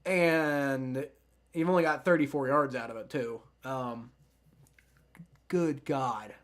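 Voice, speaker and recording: A man hosting a live football reaction stream, rambling excitedly and talking straight to his chat. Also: medium pitch, takes it slowly. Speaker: livestream sports reaction host. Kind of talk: live game reaction commentary.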